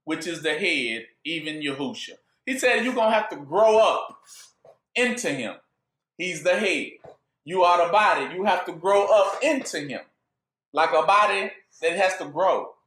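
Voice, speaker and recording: Lively high-voiced man preaching. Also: echoey room. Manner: call-and-response questions, joking, laughing. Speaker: bible teacher. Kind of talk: informal sermon.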